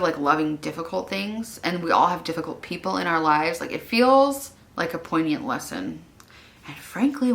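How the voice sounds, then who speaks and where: A woman's voice: low voice, sharp tone. A young woman vlogging casually from home, rambling with lots of "like" fillers and turning emotional at times. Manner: chatty, rambling, many "like" fillers. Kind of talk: casual vlog chat. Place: her home.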